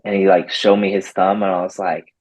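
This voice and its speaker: On a rough recording, a man with a low-pitched voice speaks fairly quickly. He's a dog trainer in a casual interview, telling a story with energy, acting out people's words and leaning heavily on "like."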